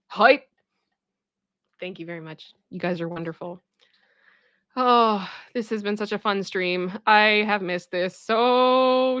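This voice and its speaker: Woman livestream host, bright and lively, chatting with viewers. Dry, slightly dull audio. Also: medium pitch, dry recording. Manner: animated, retells a sketch with character voices. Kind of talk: casual livestream chat.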